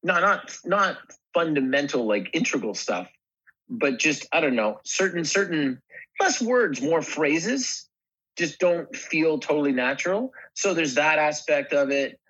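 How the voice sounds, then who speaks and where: A man's voice: on the high side, expressive, measured pace, fairly bright tone, husky. A man, a guest actor in a casual podcast chat, talking through his work in a hesitant way with many restarted phrases. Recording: slightly muffled, dull sound.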